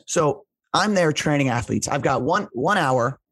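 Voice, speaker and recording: Earnest rambling man, slightly high voice. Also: animated, a little slow, a bit bright, slightly rough, no room sound. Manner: rambling, heavy use of "like" and "right?"; earnest and emotional. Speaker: strength coach. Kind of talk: casual storytelling in conversation.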